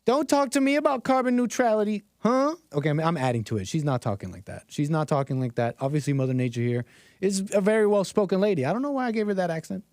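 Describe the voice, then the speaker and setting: Man, streamer hosting call-ins, sarcastic, rambling, lively pitch, dry home sound. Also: fast talker, dry recording. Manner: rambling, sarcastic, chuckling asides. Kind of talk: casual commentary stream.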